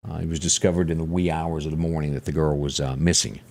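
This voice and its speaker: A man's voice: extremely low pitch, fairly even intonation, fast talker, a little mellow. A man with a Southern US accent co-hosting a morning show, chatting casually and reading local ads in a folksy way.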